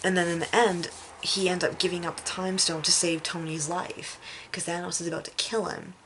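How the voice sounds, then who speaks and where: A woman chatting casually about a film she saw, laughing often and breaking into excited outbursts. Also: lowish voice, normal speed, slight background noise. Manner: animated, laughs often, acts out lines in bursts. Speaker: vlogger reviewing a film.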